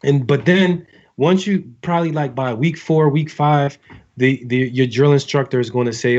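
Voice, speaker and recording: Rambling sailor giving recruits advice. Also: male voice, mid-range voice, normal speed, darkish tone, highs cut off. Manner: rambling, full of fillers and restarts. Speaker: navy sailor speaking to recruits. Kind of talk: casual advice talk.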